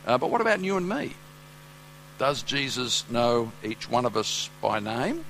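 A man's voice: mid-range voice, sing-song, unhurried, gravelly, a bit bright, slight background noise, poor audio. A man preaching a sermon, earnest and full of fillers and restarts. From Australia.

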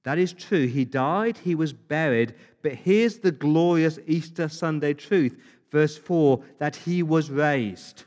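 A man's voice: a little high, slow pace, a little mellow. A man preaching an Easter sermon, emphatic and full of rhetorical questions. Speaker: pastor. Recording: long hall reverb.

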